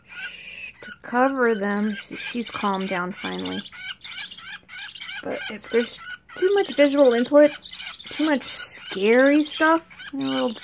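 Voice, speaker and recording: Woman vlogger, slow unhurried delivery, high-ish voice, coos at chicks, birds chirping behind. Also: gravelly, background noise. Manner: soothing, talks to birds in a high coaxing voice. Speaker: pet bird keeper filming her budgies. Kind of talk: casual home vlog narration.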